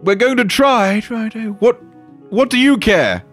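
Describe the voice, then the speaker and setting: A man's voice: high voice, lively intonation, measured pace, soft background music, voice pushed up. A man playing a wary, pompous adventurer who echoes his own words back in a grand, dismissive way. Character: wary, pompous adventurer hiding at glowing doors.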